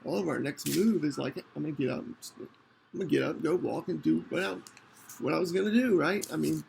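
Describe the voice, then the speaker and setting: A man hosting a podcast, telling a personal story in an earnest, halting way with many restarts. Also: on the high side, creaky, a little mellow, slight background noise, low-quality recording. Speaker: podcast host.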